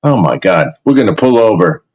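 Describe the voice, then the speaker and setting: Man, fairly low voice, excitable, stammers, swears a lot, casual call chat. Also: low-quality recording. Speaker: video call participant.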